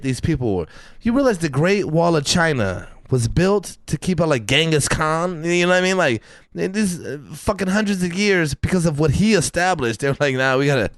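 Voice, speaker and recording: A man co-hosting a casual podcast, ranting with heavy swearing and emphatic repetition. His voice rides a little high and swings widely in pitch as he gets worked up. The sound is dry and close. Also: very animated, moderate pace, no echo. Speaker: podcast co-host. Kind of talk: casual chat.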